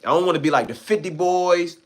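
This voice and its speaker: Firing back at chat during a casual livestream, this Washington, D.C., man uses his D.C. accent and heated, profane street talk, blunt throughout. His voice runs a little high and fairly quick.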